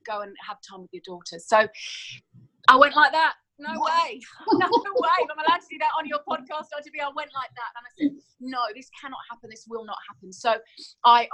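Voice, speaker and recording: A woman's voice: medium pitch, bright, forceful tone, poor audio. A woman in her thirties telling her story as a podcast guest, earnest and emphatic, often repeating words as she goes. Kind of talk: emotional personal story in a podcast interview.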